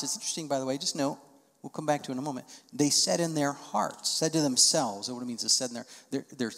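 Preaching male pastor in a reverberant hall. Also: medium pitch. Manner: expository preaching with animated quoted voices. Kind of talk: sermon. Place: church auditorium.

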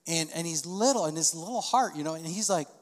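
A middle-aged man preaching a sermon as pastor, telling stories and swelling to loud, emphatic peaks. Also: a little high, quick pace, a little hiss or hum. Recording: long reverb of a large hall.

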